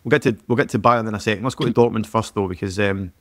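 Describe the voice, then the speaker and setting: A man co-hosting a football podcast, speaking casually and haltingly with frequent fillers and repeated words, close to the mic. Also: lowish voice, no room sound. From Scotland. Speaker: podcast co-host. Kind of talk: casual football analysis chat.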